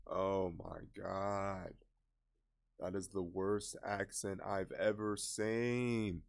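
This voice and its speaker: Low gravelly dude ranting about a trailer, scoffing, fed up. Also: male voice, level tone, extremely slow. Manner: scoffing, exasperated. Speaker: commentator reacting to a trailer. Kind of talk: casual reaction commentary.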